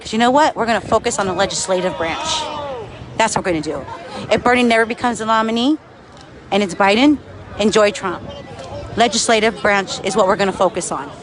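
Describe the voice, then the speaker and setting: A man's voice: high voice, fairly bright tone. Angry New man on a street livestream, profane, light traffic noise. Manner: angry, profane, answers chat comments. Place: outdoors on a city street.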